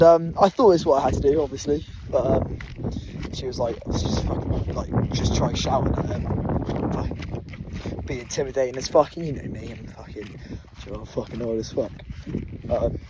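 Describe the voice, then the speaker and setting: A man's voice: medium pitch, background noise. A young man vlogging casually outdoors on a moor while camping, laid-back, jokey and full of swearing. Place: outdoors on open moorland, camping.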